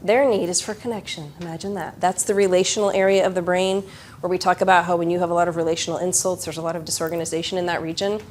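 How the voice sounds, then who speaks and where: Animated woman presenting a workshop. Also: fairly low pitch, quick pace, slight background noise. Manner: animated, acts out children's voices. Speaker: education presenter.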